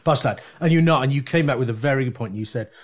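A man's voice: mid-range voice, quick pace. A man with a Birmingham accent, a podcast guest in casual chat, dry and self-deprecating. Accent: Birmingham English. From England.

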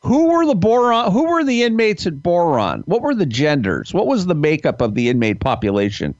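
A male host eagerly prompting his guest with questions in casual chat. His voice sits high and moves a lot. The sound is dull and dry. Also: wildly swooping pitch, a little fast, dry recording.

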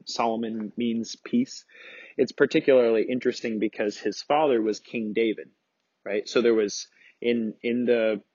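A man's voice: medium pitch, husky, no echo, highs cut off. A man hosting a podcast, casually teaching a Bible study with rambling asides and many restarts.

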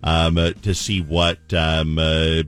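A man hosting a radio show, chatty and energetic, talking to listeners and callers. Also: rumbling low, slow, clear, resonant tone. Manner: energetic, chatty, acts out voices. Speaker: radio morning show host.

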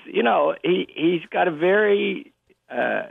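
A man's voice: high voice, animated, vocal fry, dry recording. An older man as an interview guest on the phone, chuckling often and restarting his sentences as he talks. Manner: chuckling, halting with many restarts. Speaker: guest, college president. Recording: tinny phone line.

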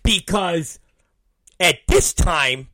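Animated man ranting through a story. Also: drawn-out words, no echo, studio quality. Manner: acts out both sides of conversations, swears constantly; animated, mimics others in low mumbling voices. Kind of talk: profane storytelling rant.

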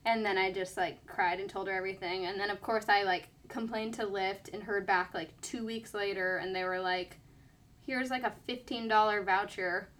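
A woman's voice: mid-range voice, steady tone, normal speed, fairly bright tone. A young woman telling a personal story in casual chat, full of fillers and acted-out quotes. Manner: chatty, lots of "like", quoting others.

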